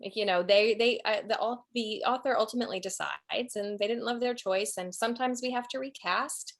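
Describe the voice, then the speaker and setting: A woman's voice: on the high side, fairly quick. A woman who narrates and produces audiobooks, talking casually in an interview and rephrasing her thoughts as she goes.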